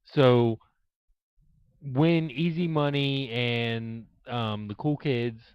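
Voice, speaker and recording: A man hosts an interview, asking long, winding questions full of ums and restarts. His voice is smooth and clear, recorded dry with a dull, lo-fi sound. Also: medium pitch, fairly even intonation, very slow, dry recording. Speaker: interviewer, show host.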